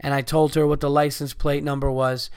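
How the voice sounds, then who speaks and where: A man's voice: fairly high pitch, level tone, brisk, a little mellow, clean tone, no room sound, studio quality. A man in his thirties telling a heated, profane story as a podcast host, ranting and swearing. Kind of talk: angry storytelling rant.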